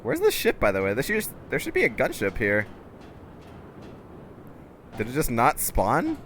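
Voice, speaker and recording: Laughing, swearing young streamer. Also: male voice, medium pitch, wildly swooping pitch, measured pace, fairly bright tone, slight background noise. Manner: laughs often, swears, self-mocking. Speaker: game streamer. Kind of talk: casual gameplay commentary.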